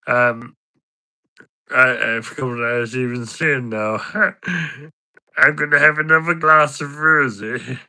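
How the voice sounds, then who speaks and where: A man's voice: medium pitch, creaky, bright, forceful tone, no room sound. A man chatting casually and a bit tipsy, rambling, swearing and laughing often. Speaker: channel host.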